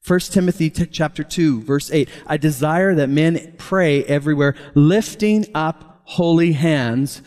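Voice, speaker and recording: A man preaching a sermon as pastor, lively and chuckling often as he talks. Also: on the high side, a little slow, few pauses. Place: church. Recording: long hall reverb.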